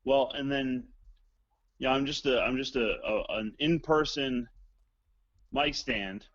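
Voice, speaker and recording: A man's voice: mid-range voice, fairly even intonation, takes it slowly, a bit bright, no room sound. Crude rambling man on dull phone line. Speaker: caller guest. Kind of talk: casual phone chat.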